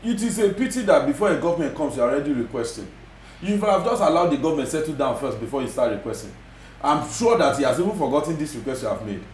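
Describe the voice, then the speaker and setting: A man's voice: on the high side, big pitch swings, fast, darkish tone, reverberant, a little hiss or hum. A man with a Nigerian Yoruba accent, speaking as a guest commentator in a TV studio interview, emphatic and repeating his points. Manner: emphatic, repetitive, mixes in Yoruba phrases.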